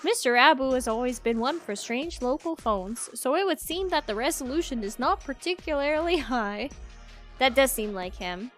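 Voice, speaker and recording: A woman voicing a quiet, polite male bird in a game, speaking softly. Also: high voice, animated, moderate pace, faint music behind. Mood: calm.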